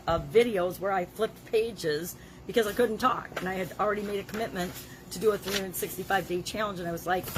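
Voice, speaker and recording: Woman in her 60s, has a cold, scratchy throat, blunt chatty daily journal vlog, coughs sometimes. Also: medium pitch. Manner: emphatic, plain-spoken, coughs now and then. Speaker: vlogger.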